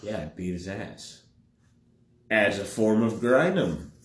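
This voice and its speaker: A man joking through casual banter about tabletop games, an animated storyteller who laughs often. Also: fairly low pitch, slow pace, slight background noise. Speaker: tabletop gaming podcast co-host. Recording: echoey room.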